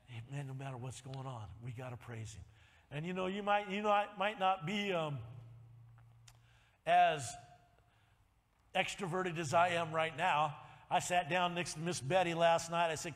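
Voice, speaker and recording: High-voiced preacher in his sixties, echoing hall. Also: moderate pace. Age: 60s. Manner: animated storytelling preacher, rising to shouts of praise. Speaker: pastor. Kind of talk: sermon. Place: church sanctuary. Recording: long hall reverb.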